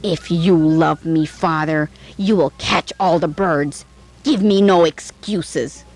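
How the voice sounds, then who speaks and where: A woman's voice: sits low, slow pace, a little mellow, faint music behind, heavily acted. A woman voicing a spoiled, cruel young princess who gives harsh orders. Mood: demanding. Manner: imperious and harsh.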